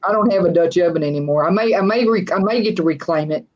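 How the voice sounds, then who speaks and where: A woman's voice: fairly low pitch, fast, a little mellow, dull audio. A woman from West Texas with a West Texas accent, hosting a casual livestream chat in a chatty, folksy way and laughing often. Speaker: livestream host.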